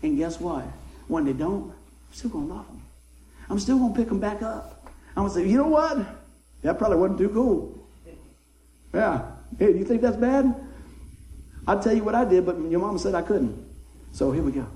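A middle-aged man preaching a folksy sermon, swinging from soft asides to excited shouts. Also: high-pitched, moderate pace, long pauses, roomy sound, poor audio. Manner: folksy, animated, rises to excited shouts then drops soft. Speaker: pastor. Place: church sanctuary.

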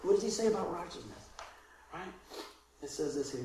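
A middle-aged man, a pastor, preaching a sermon and telling a childhood story, animated and laughing, with voices for the people in it. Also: on the high side, a little fast, pauses often, a little hiss or hum. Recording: very echoey hall.

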